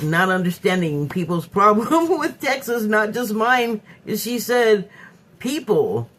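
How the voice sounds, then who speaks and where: Woman ranting candidly to camera. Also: lowish voice. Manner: animated, candid storytelling with frequent swearing; acts out both sides of a quarrel in quoted voices. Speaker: vlogger. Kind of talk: casual spoken monologue.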